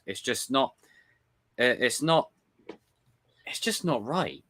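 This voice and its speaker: A man's voice: mid-range voice, very animated, slow, long pauses, a bit bright, no room sound. A man hosting a livestream, chatting casually in a rambling, emphatic way and swearing often. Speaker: livestream host.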